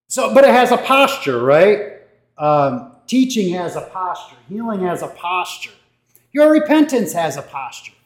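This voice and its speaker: A man, a pastor, casually teaching his congregation in the church, thoughtful and conversational, moving around as he talks. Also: on the high side. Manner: conversational, thoughtful, with restarts and gestures. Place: church sanctuary. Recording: echoey church room.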